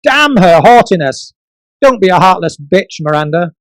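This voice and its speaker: A man reading his comic poems at a book launch, theatrical, swinging from loud outbursts to soft murmurs. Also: sits high, big pitch swings, moderate pace, no echo, low-quality recording. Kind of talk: comic poetry reading and casual asides.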